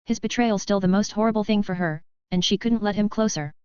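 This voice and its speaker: Klare, gleichmäßige Hörbuchsprecherin. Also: female voice, mid-range voice, brisk, darkish tone, clean tone, no room sound, lo-fi sound. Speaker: audiobook narrator. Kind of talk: scripted narration.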